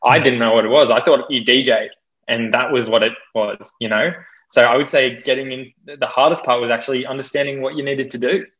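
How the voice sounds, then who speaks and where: Australian guy in his twenties, relaxed podcast guest, loose and filler-heavy, mid-range voice, a bit dull on the recording. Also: mid-range voice, a little fast. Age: young adult. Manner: chatty, self-deprecating, laughs often, many fillers. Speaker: guest DJ and producer. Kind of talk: casual interview chat.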